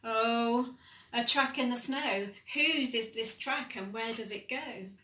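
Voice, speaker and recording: Woman reading as a brave monster cub, eager and high, echoey storybook read-aloud. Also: takes it slowly, pushed and bright. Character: curious brave young female monster child. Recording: echoey room, mic at a distance.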